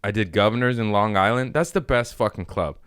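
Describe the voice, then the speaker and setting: Rowdy low-voiced profane comedian. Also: male voice, fairly quick, a bit bright, clear, resonant tone, no room sound, studio quality. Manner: profane, rambling, laughs often. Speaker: comedian and podcast host. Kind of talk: casual solo podcast monologue.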